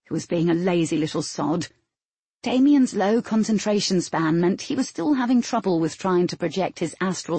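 A woman reading a first-person novel aloud in a steady, matter-of-fact storytelling manner. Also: fairly low pitch, creaky, slightly rough, no echo. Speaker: audiobook narrator. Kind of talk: first-person scripted narration.

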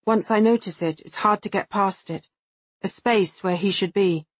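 A woman reading the lines of a calm, gentle adult man in an audiobook, quiet and careful in tone. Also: medium pitch, normal speed, dry recording, lightly acted. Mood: wry.

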